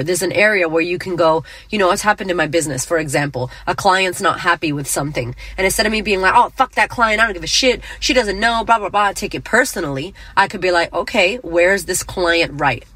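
A woman's voice: on the low side, a bit bright, no echo. A middle-aged woman hosting a motivational podcast, talking bluntly and emphatically, with frequent swearing. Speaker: podcast host.

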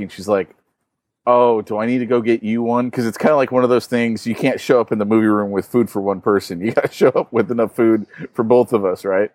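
A man's voice: lowish voice, darkish tone, no echo. Laid-back man chatting from his backyard. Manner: laid-back, playful storytelling. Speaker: podcast co-host. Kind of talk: casual podcast banter.

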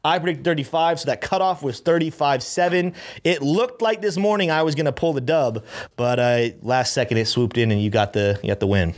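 A young man co-hosting a casual crypto livestream, energetic and promotional, with many fillers. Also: fairly high pitch, a little fast. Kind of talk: casual live-stream chat.

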